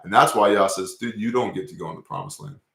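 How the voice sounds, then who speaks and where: A man hosting a casual talk about scripture, telling stories in an animated, profane way. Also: on the low side, quick pace, vocal fry, echoey room.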